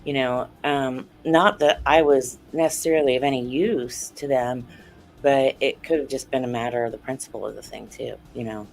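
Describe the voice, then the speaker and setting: Woman interview guest, earnest and animated storyteller, faint music underneath. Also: a bass voice, normal speed, creaky. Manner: animated, acts out quoted dialogue, earnest. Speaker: guest, author and UFO researcher.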